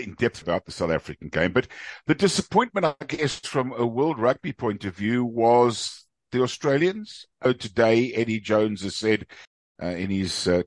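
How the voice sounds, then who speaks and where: Low-voiced man hosting a podcast, dry sound. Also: dry recording. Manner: conversational, posing questions. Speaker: podcast host. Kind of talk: podcast interview questions.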